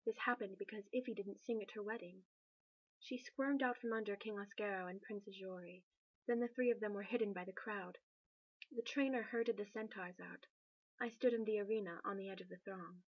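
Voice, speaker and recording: A woman reading a novel aloud in a steady, measured narration. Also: mid-range voice, no room sound, dull audio. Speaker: reader.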